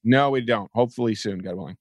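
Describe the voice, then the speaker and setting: A man in his thirties from Canada, a guest in an interview, telling stories with big energy and jumping into high squealing impressions. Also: quick pace, no room sound. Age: 30s. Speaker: podcast guest. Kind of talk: animated interview storytelling.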